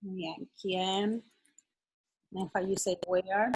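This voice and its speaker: A woman's voice: medium pitch, fairly even intonation, slow, darkish tone, breathy edge, rough recording. A woman teaching an online lesson, explaining patiently and checking that her student follows. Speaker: Spanish teacher.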